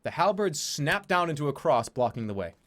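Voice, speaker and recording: A man's voice: fairly high pitch, brisk. A male streamer reading a fantasy game's text aloud and throwing in jokey asides. His voice swings widely up and down as he reads. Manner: animated, jokey and swearing. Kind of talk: casual gaming commentary reading game text aloud.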